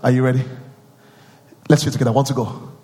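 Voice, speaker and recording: A man preaching a sermon with call-and-response, swinging from loud chanting to low, intimate asides. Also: little pitch movement, fast. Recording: long hall reverb with faint music.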